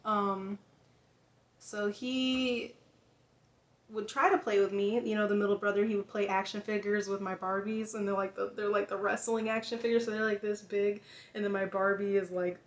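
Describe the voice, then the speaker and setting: A woman's voice: medium pitch, little pitch movement, normal speed, roomy sound, lo-fi sound. A woman vlogger telling a personal story in a casual, rambling way, full of fillers, restarts and frequent laughs.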